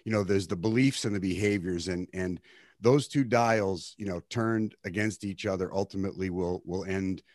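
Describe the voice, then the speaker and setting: A man's voice: sits low, normal speed, a little mellow, no room sound, clean studio sound. A man hosting a podcast, speaking reflectively and hesitantly, repeating words as he thinks aloud. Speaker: podcast host. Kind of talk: casual conversation.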